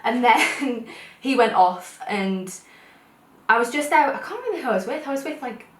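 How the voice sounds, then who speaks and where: A young British vlogger chats and tells rambling stories while eating, laughing along the way in a casual mukbang. Her voice is on the high side with lively intonation at a normal speed, and the distant mic gives a roomy sound.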